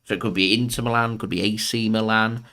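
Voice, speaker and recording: A man's voice: fairly low pitch, fairly even intonation, fast, bright, forceful tone. A young man hosting a live football watchalong, chatting casually and joking as he follows the match. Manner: chatty, jokey, laughs often, swears. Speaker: fan channel host doing live match commentary.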